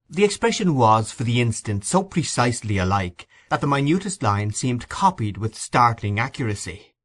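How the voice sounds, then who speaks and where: Narrator: man, lower voice, measured, steady storybook reading. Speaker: audiobook reader.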